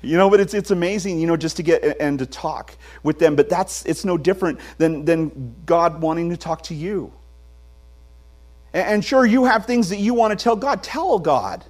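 A pastor in his forties preaching a sermon to his congregation, telling stories with humor. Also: sits high. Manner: animated storytelling with humor. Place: church sanctuary.

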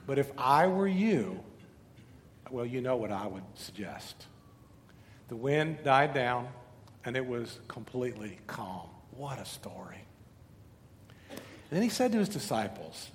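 Man, middle-aged pastor, sermon, slightly high voice, loud bursts and quiet asides, long church reverb. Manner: animated, swings from loud urgency to hushed asides. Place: church sanctuary.

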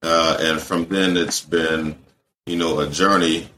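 A man from Atlanta, a guest on a podcast, talking in a halting, casual way with many pauses and fillers. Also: sits low, steady tone, background noise. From Atlanta, USA. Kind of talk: casual conversational interview.

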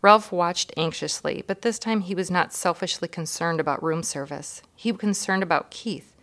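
A woman reads a children's chapter book aloud, calm and measured with gentle expression. Her voice sits a little low. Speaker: guest reader. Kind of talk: children's storybook reading.

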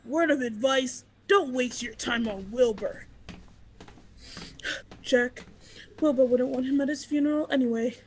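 A woman's voice: high-pitched, measured pace, long pauses, a little hiss or hum. A woman voicing a blunt, loyal female coworker in an audio drama, speaking in a scolding manner.

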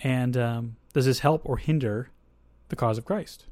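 A man hosts a podcast in an easygoing, conversational way, drifting into asides and restarting his thoughts. His voice sits at a middle pitch. The recording is dry and close. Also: unhurried, darkish tone, dry recording. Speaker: podcast host. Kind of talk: casual podcast discussion.

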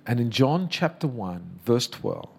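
This man preaches a sermon with real fervor, his voice climbing high on each emphatic point. Between those peaks he slips into loose, conversational storytelling, stumbling over his words and starting again. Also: wildly swooping pitch, a little slow, vocal fry, a little mellow, husky. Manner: impassioned, emphatic preaching with rising calls; conversational storytelling with repeated restarts. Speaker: pastor.

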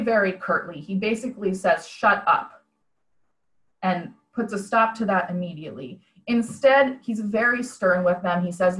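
A woman's voice: mid-range voice, echoey room, rough recording. A woman preaching a conversational sermon over a video call, retelling a story in a plain-spoken, reflective way.

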